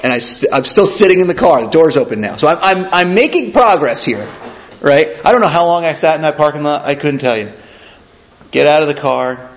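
A man's voice: fairly high pitch, animated, brisk, poor audio. A man sharing a personal recovery story in a rambling, conversational way, with many restarts and frequent tag questions. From upstate New York. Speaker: recovery speaker.

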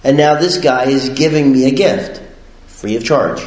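A man's voice: mid-range voice, moderate pace, reverberant, rough recording. Rambling man telling a recovery story. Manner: rambling, animated, many fillers, frequent laughs. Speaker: speaker sharing his recovery story. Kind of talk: casual personal storytelling.

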